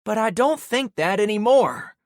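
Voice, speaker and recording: Young woman, frantic and breathless, raised pitch, voiced by a male narrator, audiobook. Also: wildly swooping pitch, unhurried, fairly bright tone, dry recording, clean studio sound, full character voice. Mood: strained. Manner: strained, breathless pleading.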